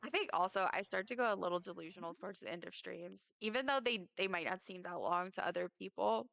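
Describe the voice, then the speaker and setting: Talking fast with a slightly bright, lowish voice and some vocal fry, this young woman rambles through a casual game stream. She keeps up the chatty banter and jokes at her own expense.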